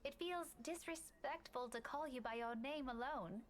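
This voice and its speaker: A woman's voice: sits high, normal speed, slight background noise, natural voice. An actress voicing a polite, deferential young woman researcher in a game, speaking hesitantly.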